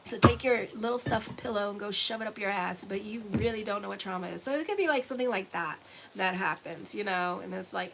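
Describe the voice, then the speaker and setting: A woman's voice: mid-range voice, a little fast, creaky, a bit bright, slight background noise. A woman in her forties giving a casual weekly horoscope reading as an astrologer and tarot reader, blunt, rambling and profane.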